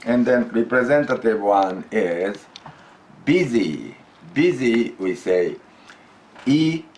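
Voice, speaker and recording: Guy teaching grammar, real slow, lots of ups and downs, low voice. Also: expressive, darkish tone, slight background noise. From Japan. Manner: slow, deliberate explaining, prompts students to repeat. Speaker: language teacher. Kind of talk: classroom grammar lesson.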